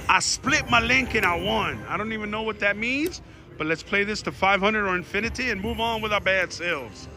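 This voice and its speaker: A man vlogging while playing slot machines, joking and cheering at the reels. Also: high voice. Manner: animated, jokey, shouts at the machine, fast swings. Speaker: casino vlogger. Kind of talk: excited slot-play commentary. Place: casino floor. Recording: slot machine music behind.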